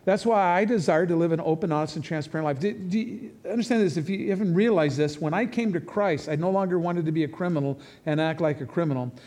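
In a church sanctuary, a pastor delivers his sermon in an animated, conversational, loose style, tossing in brief acted-out quotes as he goes. For a man, his voice sits fairly high.

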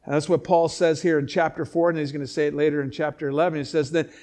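A male pastor with a notably high voice works through scripture in a chatty, animated sermon. He jumps between reading the text and sarcastic asides, rising and falling in pitch and pace. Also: quick pace, few pauses. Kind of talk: expository sermon.

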